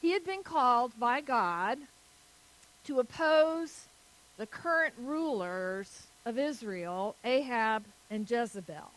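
A woman preaching a sermon, telling a story slowly and deliberately. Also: a little high, expressive, low-quality recording.

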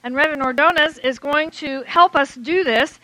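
Woman worship leader, bright and high, clear instructions. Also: moderate pace, no room sound. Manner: clear, instructive, guiding the congregation. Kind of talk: leading a church service. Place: church sanctuary.

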